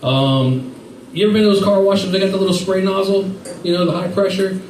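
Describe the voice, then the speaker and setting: A man doing a stand-up set, telling rambling stories in an animated way with silly voices. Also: high voice, brisk. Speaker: stand-up comedian. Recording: echoey room from far off with faint noise.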